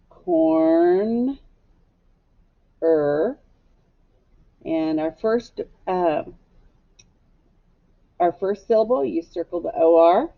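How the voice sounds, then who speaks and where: A woman teacher giving a phonics lesson to young children, sounding out syllables slowly and patiently. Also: on the low side, narrow, tinny audio.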